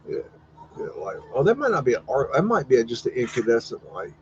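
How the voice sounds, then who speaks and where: A man's voice: medium pitch, very animated, a little fast, a little mellow, muffled recording, a little hiss or hum. A man hosting a casual live stream, commenting on old photos in a rambling, profane, wondering way. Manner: rambling, profane, wondering aloud, teasing his dog.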